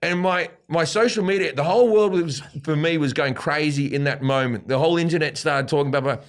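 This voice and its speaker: Mężczyzna z australijskim akcentem, w średnim wieku, opowiada w wywiadzie barwne, wulgarne historie i odgrywa cudze kwestie. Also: male voice, on the high side, fast talker. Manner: profane, animated storytelling with acted-out quotes. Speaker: guest comedian. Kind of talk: storytelling in a casual interview. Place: studio.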